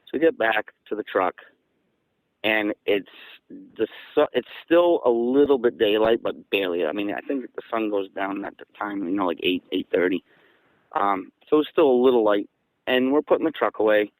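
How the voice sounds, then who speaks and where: A man from southeastern Massachusetts, a guest casually recounting events in an animated way and acting out the dialogue. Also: lowish voice, moderate pace, no room sound, poor audio. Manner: animated, acts out quoted dialogue. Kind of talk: casual storytelling.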